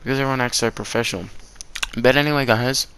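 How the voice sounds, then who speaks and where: A man's voice: medium pitch, steady tone, quick pace, a bit bright, clean tone. A teenage boy telling a rambling, sweary story about his first work shift, laughing at his own slips. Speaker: vlogger. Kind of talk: casual story time.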